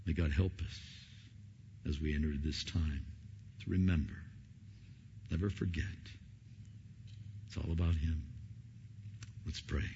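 A middle-aged male pastor preaching a sermon, swinging from loud emphatic peaks down to hushed whispers. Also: rumbling low, fairly even intonation, unhurried, pauses often, highs cut off, a little hiss or hum.

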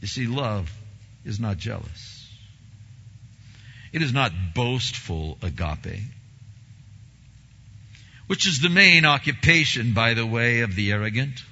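A male pastor preaching a sermon with a bright, forceful edge and a rough, gravelly texture. He tells his stories in an animated way, acting out the dialogue and repeating words as he builds. The recording sounds dull and lo-fi. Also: mid-range voice, takes it slowly, long pauses, slight background noise.

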